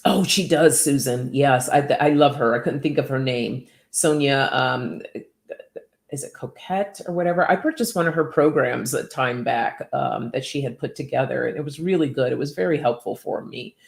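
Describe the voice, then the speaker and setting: A woman's voice: very deep voice, normal speed, creaky. A woman giving casual oracle card readings to viewers by name, chatty and upbeat, laughing often.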